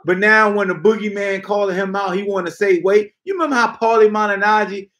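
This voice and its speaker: A man's voice: high voice, a bit bright. A man hosting a sports podcast, ranting bluntly in casual slang. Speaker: podcast host. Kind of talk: casual sports talk rant.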